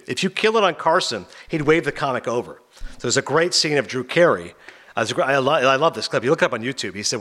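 A man hosting a podcast, rapidly and animatedly retelling a TV finale in a casual chat. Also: mid-range voice, pushed and bright. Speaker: podcast host. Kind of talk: casual TV recap.

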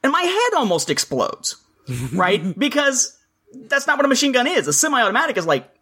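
A man's voice: very high-pitched, big pitch swings, moderate pace, bright, forceful tone, husky. A talkative man on a podcast, going into long explanations. He likes to mimic the lines he quotes, hamming up their delivery. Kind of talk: casual chat.

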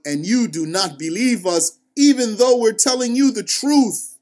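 A man telling a religious story, reciting scripture, then explaining it line by line in a slow, deliberate manner. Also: high-pitched, darkish tone.

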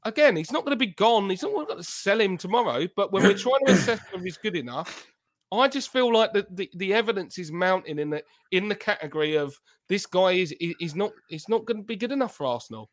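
A man's voice: sits high, lively intonation, quick pace. A man, a football podcast pundit talking in heated, emphatic casual chat and repeating his points.

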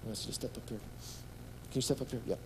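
Pastor preaching in a reverberant hall. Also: male voice, medium pitch, steady tone, fast, darkish tone, a little hiss or hum. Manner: reads scripture aloud with rising fervor, leads congregation responses. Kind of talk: sermon. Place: large hall or church.

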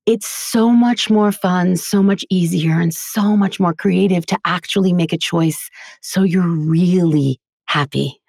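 Low, gravelly-voiced woman voice teacher. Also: measured pace, darkish tone, no echo, studio quality. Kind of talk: casual podcast interview.

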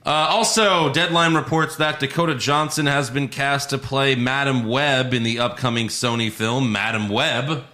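A man's voice: medium pitch, steady tone, moderate pace, hardly any pauses, bright, forceful tone. A man hosting a podcast, chatting casually and giving blunt, opinionated takes. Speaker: podcast host. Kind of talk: casual chat.

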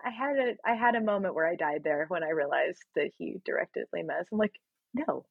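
Guest woman, thirties, husky and dry, animated and laughing as she tells stories. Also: fairly low pitch, a little fast, no room sound, narrow, tinny audio. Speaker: guest, singer and actress. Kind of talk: storytelling in a casual interview.

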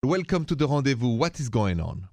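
A man's voice: mid-range voice, sing-song, brisk, darkish tone, no room sound, clean studio sound. French-accented male radio host. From France. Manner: playful, sprinkles French greetings. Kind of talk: call-in radio show.

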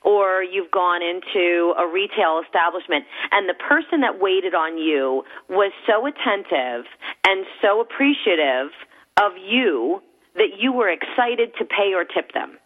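A woman speaks as a guest in a thoughtful, reflective manner. She works her ideas out as she talks. Her voice sits at a middle pitch, and the sound is thin, like a phone line. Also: lively intonation, unhurried. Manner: thoughtful, reflective, often starts with "I think". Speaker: guest, works with companies and salespeople. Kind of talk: casual conversation.

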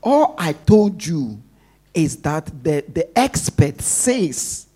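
Emphatic male preacher, somewhat high voice, call-and-response delivery, loud stresses then soft asides. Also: big pitch swings, slow, slightly rough. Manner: call-and-response, leaves questions for the congregation to finish. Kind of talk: sermon.

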